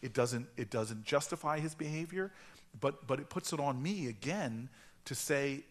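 A man in his forties from New Jersey tells stories at an author event, in a mid-range voice. He talks with animated energy and trips over his words in quick restarts. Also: medium pitch. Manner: animated storytelling with stammering restarts. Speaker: author guest.

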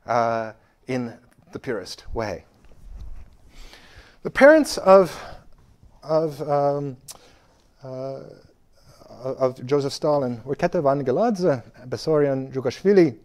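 Guy lecturing on history, punches some words hard then goes quiet, lots of uh and restarts. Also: mid-range voice. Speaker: university lecturer.

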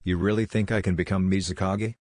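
A man's voice: low voice, level tone, darkish tone, dry recording, clean studio sound. A man voicing a shy, lonely ten-year-old boy ninja who speaks hesitantly in a fan-fiction audiobook. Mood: timid. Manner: hesitant, slow and timid.

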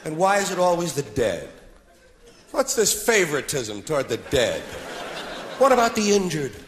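Man, stand-up comedian, wildly swinging pitch, sardonic, mock-solemn asides, noisy live recording. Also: sing-song, moderate pace. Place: live stage before an audience.

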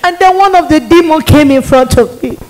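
A Nigerian woman preaching a testimony sermon in a very high voice. She pleads fervently and leans on repetition. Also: a little fast, a little mellow, low-quality recording. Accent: Nigerian English. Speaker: evangelist giving testimony.

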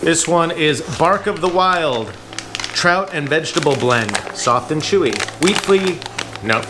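A woman's voice: deep voice, expressive, a little slow. A woman co-hosting a casual unboxing video, reading treat labels aloud and cooing at her dogs. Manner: reads product labels aloud, coos at dogs. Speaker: channel co-host. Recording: loud yard-work noise outdoors.

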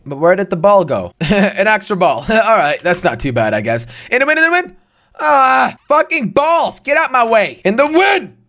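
With a very high-pitched voice, this young gaming-channel host delivers excitable let's-play commentary. He mutters to himself and yells and curses at the game.

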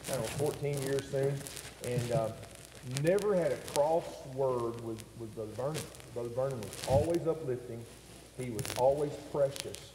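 Pastor, folksy eulogy, mid-pitched voice, long church reverb. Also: male voice, noisy background. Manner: folksy, emotional, rising to loud emphatic peaks. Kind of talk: funeral sermon. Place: church sanctuary.

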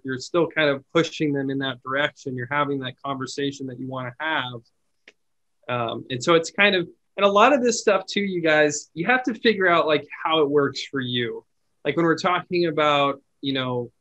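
A man's voice: mid-range voice, a bit bright, dull audio. A man who owns a call center, a guest on a podcast, explaining his ideas thoughtfully with frequent restarts. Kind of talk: casual podcast chat.

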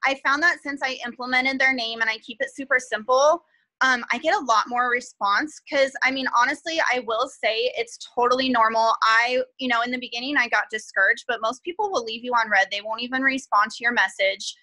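A woman's voice: a little high, fairly even intonation, a little fast, pushed and bright, dry recording, low-quality recording. A young woman sharing tips in a casual chat, bubbly and full of fillers. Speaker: guest team member sharing tips.

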